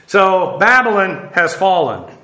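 A man's voice: high voice, sing-song, slow pace, sharp tone, echoey room. A man teaching a verse-by-verse Bible lesson in an informal way, with many fillers, spelling out Hebrew words.

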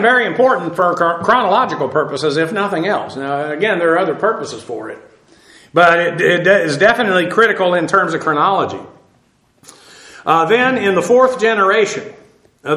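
A middle-aged man with a notably high voice, preaching and teaching through scripture in a plain, conversational way. He pauses often with fillers and restarts his phrases. His voice rings in an echoey room. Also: bright, forceful tone. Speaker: pastor. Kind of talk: sermon.

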